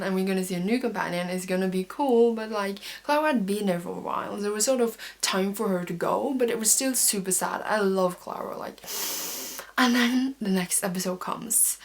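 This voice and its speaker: A woman's voice: medium pitch, normal speed. A young woman vlogger chatting casually, gushing and rambling with lots of sighs and fillers. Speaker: fan vlogger. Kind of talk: casual chat.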